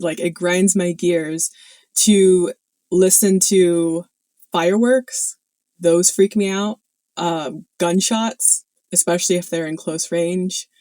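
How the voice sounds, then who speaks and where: A woman's voice: lowish voice, dark tone, no room sound. A woman talking casually to her viewers in a chatty way, full of fillers and small laughs. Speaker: video host. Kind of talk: casual talk to camera.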